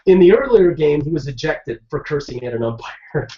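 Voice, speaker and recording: Man, podcast co-host, dry teasing humor, expressive voice, muffled recording. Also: a little high, fairly quick. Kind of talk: casual chat, news recap. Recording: dull lo-fi podcast audio.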